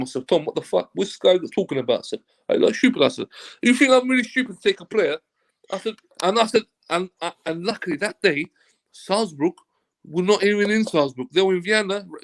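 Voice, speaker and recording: His voice is on the high side with noticeable vocal fry. As an interview guest, the football agent relates a casual anecdote in an animated way, dramatizing the dialogue and swearing freely.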